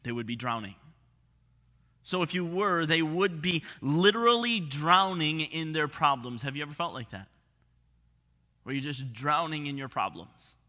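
Bright high-voiced preacher in a reverberant hall. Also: male voice, moderate pace. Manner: expressive preaching, drops to hushed tones for emphasis. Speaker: pastor. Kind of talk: sermon.

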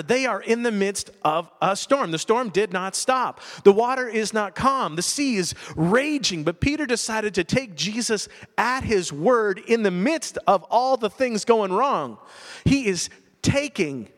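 Male pastor, dramatic sermon delivery, reverberant church sound. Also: high voice. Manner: expressive, dramatic swings from loud to hushed. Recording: long hall reverb.

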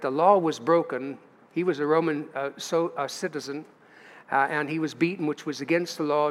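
American pastor preaching, high voice, church echo, leans hard on key words. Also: male voice, fairly bright tone. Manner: emphatic preaching with long pauses and rising stresses. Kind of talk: sermon. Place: church sanctuary. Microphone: livestream from the pulpit. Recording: long church reverb.

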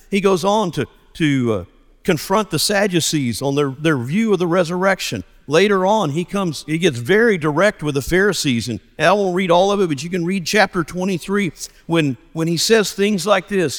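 A man, a pastor preaching a sermon and telling stories with lively acted dialogue. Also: high-pitched, moderate pace, big-room sound. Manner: animated storytelling, acts out dialogue.

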